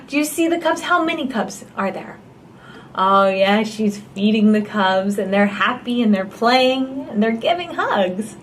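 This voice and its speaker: With a slightly high voice and lively intonation, a woman reads a picture book at a somewhat slow pace to small children. This storyteller for babies and toddlers uses gasps, an exaggerated style and coaxing questions to the child, and the recording has a little hiss or hum.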